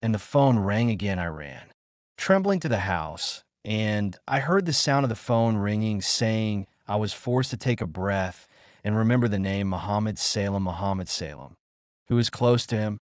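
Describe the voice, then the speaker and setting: Low-voiced man telling a horror story. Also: lively intonation, normal speed, no room sound, clean studio sound. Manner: tense, dramatic retelling with rising outbursts.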